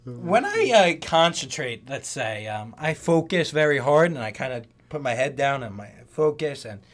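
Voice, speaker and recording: Young dude on a podcast telling embarrassing school stories about himself, laid back. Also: male voice, medium pitch, sing-song, moderate pace. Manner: joking, self-mocking storyteller. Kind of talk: casual chat.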